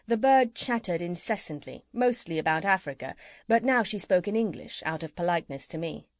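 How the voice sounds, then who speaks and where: A woman narrating a children's audiobook in a calm, even storytelling manner. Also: lowish voice, a little fast, no room sound, clean studio sound.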